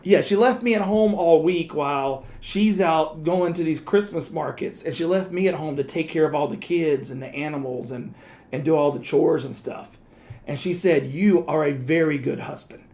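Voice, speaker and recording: A man's voice: on the high side, darkish tone. A middle-aged man co-hosting a casual podcast, telling stories with a joking, teasing manner. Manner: joking, teasing, quick asides. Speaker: podcast co-host. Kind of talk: casual chat, storytelling.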